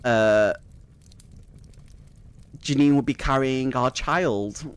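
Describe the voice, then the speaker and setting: A man's voice: mid-range voice, drawn-out words, clear, resonant tone. A young man casually telling a rambling personal story, swearing freely and laughing at it as he goes. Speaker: streamer.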